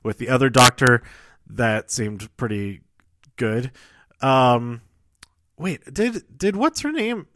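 A man casually recapping a TV episode, rambling and halting with many fillers, restarts and chuckling asides. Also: mid-range voice, expressive, a bit bright, no room sound. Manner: self-deprecating and chuckling asides.

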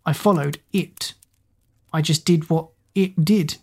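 Boy hero, read by a woman, low and unhurried, steady and easygoing. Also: slightly rough, heavily acted. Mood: reassuring. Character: steady, good-humoured teenage boy hero.

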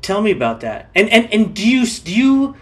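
A man's voice: high voice, sing-song, normal speed. A man hosting a podcast, asking a musician questions in a loose, chatty way and stumbling over his words. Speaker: podcast host. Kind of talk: casual interview.

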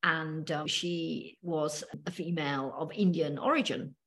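A woman with a British accent and a lowish voice talks things through on a podcast. She tells her story in a measured, hesitant way, with plenty of ums along the way. She sounds middle-aged. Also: steady tone, a bit bright. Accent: British English. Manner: thoughtful, hesitant storytelling with many fillers. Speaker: podcast co-host. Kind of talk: casual podcast discussion.

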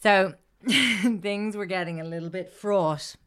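A woman's voice: mid-range voice, slow pace, a bit bright, smooth. A woman co-hosting a podcast, telling a story in casual, sweary chat and laughing often.

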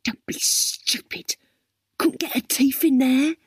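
A woman voicing a scornful, sharp-tongued scheming woman with a shrill, bossy manner in a storybook reading. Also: fairly even intonation, takes it slowly, no room sound, studio quality.

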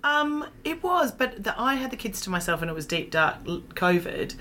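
A woman's voice: on the high side, big pitch swings, normal speed, sharp tone, a little hiss or hum. A woman, a comedian chatting candidly and with self-mockery on a podcast. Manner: candid, self-mocking, quotes her son. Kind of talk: casual chat.

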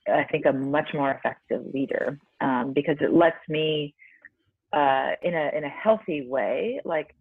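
A woman's voice: sits low, breathy edge, dry recording. A woman in her forties, a podcast guest, talking in a casual, earnest and reflective way with many filler words. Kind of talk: casual interview chat. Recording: dry, tinny phone-like line.

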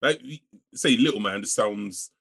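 A man's voice: lowish voice, moderate pace, vocal fry, fairly bright tone, husky. A man co-hosting a podcast, chatting casually in a blunt way and swearing freely. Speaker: podcast co-host. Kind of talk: casual chat.

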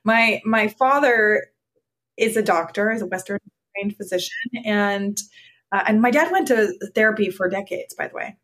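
A woman's voice: medium pitch, normal speed, fairly bright tone. A woman psychotherapist telling personal stories in conversation, earnest and reflective, often restarting her sentences. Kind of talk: conversational storytelling.

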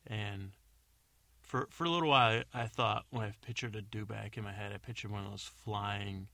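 Gravelly, dry-voiced man telling a rambling bedtime story. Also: fairly low pitch, fairly even intonation, moderate pace, sharp tone, no echo. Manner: meandering, self-correcting, unsure asides. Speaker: podcast host.

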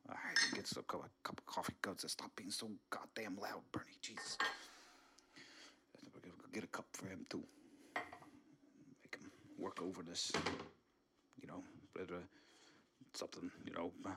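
A man's voice: deep voice, flat delivery, moderate pace, vocal fry, long pauses, very noisy. A man voicing a grumbling older male politician who sneaks into a house, muttering and swearing under his breath. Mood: hushed grumbling. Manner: hushed muttering, cranky swearing. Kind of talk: comedy sketch impression.

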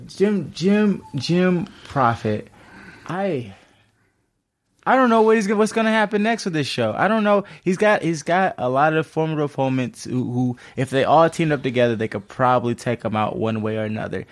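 A man's voice: fairly high pitch, animated, normal speed. A man co-hosting a casual recap chat, agreeable and chatty, often repeating himself as he talks. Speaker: podcast co-host.

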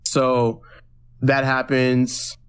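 A man co-hosting a casual pop-culture podcast, recapping a TV episode in a rambling way with many restarts and quick acted-out quotes. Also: medium pitch, completely flat delivery, clear, resonant tone. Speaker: podcast co-host.

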